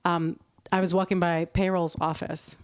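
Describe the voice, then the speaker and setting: A middle-aged woman, a podcast guest, telling a work story in a lively, animated way and laughing often. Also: fairly low pitch, moderate pace, smooth, no room sound, studio quality. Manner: animated, acts out quoted voices, laughs often. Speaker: podcast guest, nonprofit CEO. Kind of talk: conversational storytelling.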